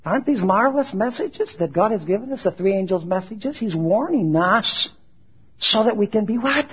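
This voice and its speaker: A man preaching a sermon, animated, asking rhetorical questions and building to emphatic shouted peaks, in a dull lo-fi recording. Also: high-pitched, normal speed, slightly rough.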